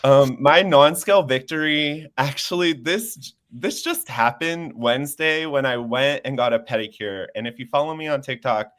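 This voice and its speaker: A man's voice: mid-range voice, normal speed, few pauses, fairly bright tone. A man in his twenties, a panel guest sharing his story in casual chat over a video call, earnest and open, laughing easily. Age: 20s.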